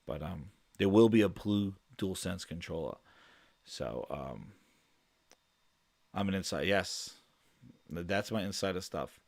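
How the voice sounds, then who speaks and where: A man hosting a casual gaming podcast, talking with mock-dramatic, sarcastic hype, stammering and trailing off quietly. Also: low voice, measured pace, vocal fry, pauses often, no room sound. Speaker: podcast host.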